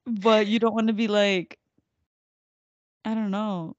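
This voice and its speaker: A woman's voice: mid-range voice, slow pace, no room sound, muffled recording. A young woman co-hosting a casual podcast chat, acting out her kids' lines as she tells stories. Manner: animated storyteller, acts out her kids' lines. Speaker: podcast co-host.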